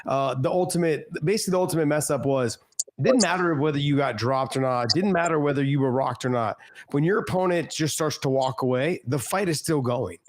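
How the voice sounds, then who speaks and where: A man's voice: fairly high pitch, a little fast. A man hosting a casual podcast chat who is also a fighter, explaining plainly with fillers.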